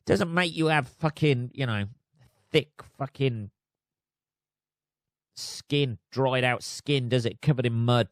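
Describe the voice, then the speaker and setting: A man's voice: mid-range voice, no echo, studio quality. Sweary sardonic man ranting. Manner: sweary, sardonic, laughs at his own jokes. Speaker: podcast host. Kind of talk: solo comedic podcast rant, reading news aloud.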